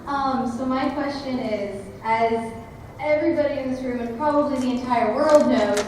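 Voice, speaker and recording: A woman's voice: sits high, moderate pace, a little mellow, a little hiss or hum. A woman in a convention audience, an aspiring actor, asking a question eagerly and a little hesitantly. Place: convention panel hall. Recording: echoey hall, from far off, crowd.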